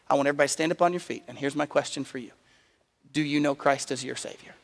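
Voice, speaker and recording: A man's voice: on the high side, very fast. Preaching man in a reverberant church. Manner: storytelling preacher, rising to emphatic appeals. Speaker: pastor. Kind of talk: sermon. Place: church sanctuary.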